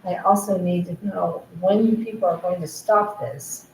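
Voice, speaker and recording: A woman's voice: on the low side, fairly even intonation, normal speed, darkish tone. Agitated woman rambling in an echoey room. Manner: agitated, repeatedly relaying what others said. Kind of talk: rambling monologue to camera. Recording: roomy echo, faint background noise.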